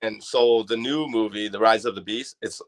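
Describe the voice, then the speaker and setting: A man's voice: on the low side, fairly even intonation, normal speed. A man from Canada, a guest chatting on a podcast about his toy collection in a loose, enthusiastic way. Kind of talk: casual podcast chat.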